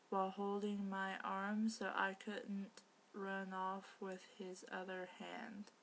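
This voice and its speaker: A woman reading bad fan fiction aloud for laughs and breaking in with sarcastic, exasperated remarks. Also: medium pitch. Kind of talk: comedic dramatic reading with commentary.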